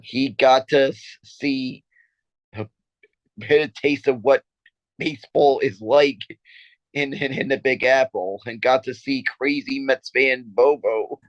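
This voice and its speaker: A man co-hosting a podcast, telling stories in a halting, rambling way with many repeated words and frequent laughs. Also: mid-range voice, dry recording, lo-fi sound. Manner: laughs often while talking. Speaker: podcast co-host. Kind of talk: casual chat.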